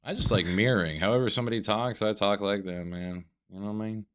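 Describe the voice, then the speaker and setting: A man's voice: lowish voice, quick pace, clean tone. A man with a Southern American accent on a podcast, chatting casually in a loose, profane, rambling way full of fillers. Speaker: podcast co-host. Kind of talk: casual chat.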